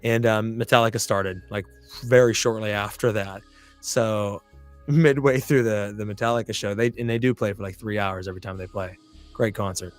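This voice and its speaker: A man's voice: fairly low pitch, steady tone, normal speed, no echo, faint music behind. Blunt, profane man telling a story. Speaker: podcast host. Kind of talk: storytelling monologue.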